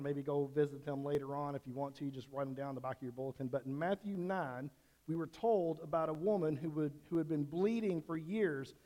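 A man's voice: a little high, warm tone. A man preaching a sermon as a pastor in a church, in a conversational way with frequent restarts and self-corrections. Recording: long church-hall reverb.

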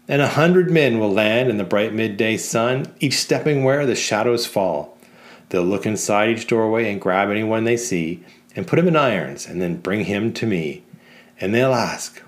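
A man reading the part of a young bride who performs a slow, mocking song about a barmaid's revenge. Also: on the low side. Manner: theatrical, slow, mocking storytelling.

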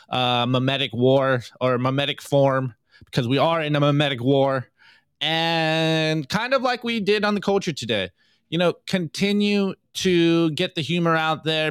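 A man hosting a casual podcast, chatting loosely and excitedly, swearing and laughing as he goes. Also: mid-range voice, clean tone, no echo, studio quality. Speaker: podcast host. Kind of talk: casual meme review chat.

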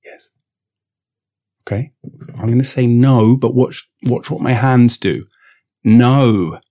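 A man's voice: medium pitch, steady tone, unhurried, dark tone. Exasperated sarcastic man ranting. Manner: exasperated, sarcastic, rambling with stammered restarts. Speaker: podcast host in a sketch. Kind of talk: comedy sketch.

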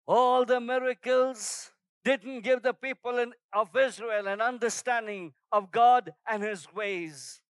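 A man with a strikingly high voice delivers a sermon, exhorting his listeners with emphatic, repeated lines. The sound is close and dry, with no room around it. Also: takes it slowly, smooth, dry recording, low-quality recording. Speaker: preacher.

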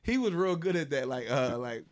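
A man's voice: medium pitch, sing-song, moderate pace. A man telling a story in casual chat, loose and rambling, full of fillers, acting out what people said. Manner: loose, drawling storyteller, lots of fillers, acts out quotes.

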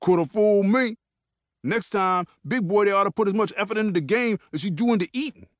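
Male narrator doing a loud-mouthed bearded young man, taunting, pitched higher, dry audiobook sound. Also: a little fast, no echo, natural voice. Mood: mocking.

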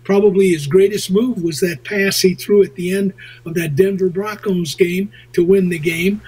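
Guy hosting a chat show, husky, kinda high pitched, rambles on. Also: fairly even intonation, moderate pace, a little mellow, low-quality recording. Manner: rambling, chuckling storyteller. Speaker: radio show host. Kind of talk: casual chat.

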